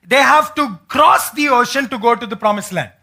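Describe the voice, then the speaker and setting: A man's voice: extremely high pitch, animated, moderate pace, pushed and bright. A man preaching a sermon as pastor in a church, asking the congregation questions and acting out the words of biblical figures.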